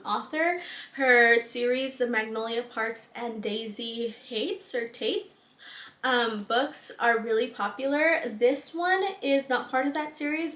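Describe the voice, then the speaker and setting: A woman's voice: fairly high pitch, a bit bright. Chatty young woman, echoey room. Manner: chatty, filler-heavy, gushing. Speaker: book vlogger. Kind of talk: casual book haul chat.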